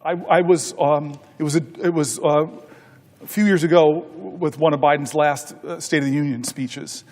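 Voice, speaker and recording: Middle-aged male senator, high voice, storytelling on the floor, halting delivery, echoing hall. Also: fairly even intonation, darkish tone. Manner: halting, repeats words, folksy anecdotes. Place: large legislative chamber. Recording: long reverb of a large chamber.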